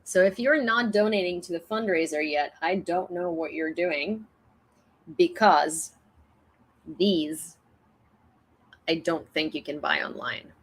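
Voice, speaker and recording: Slow, chatty woman. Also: on the low side, husky. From Ukraine. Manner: chatty, giggly, many restarts. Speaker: livestream host. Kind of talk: casual livestream news chat.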